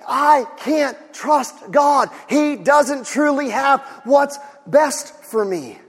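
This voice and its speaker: A male pastor preaching a sermon with emphasis, often rising to shouts and asking rhetorical questions. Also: extremely high pitch, expressive, extremely slow, big-room sound.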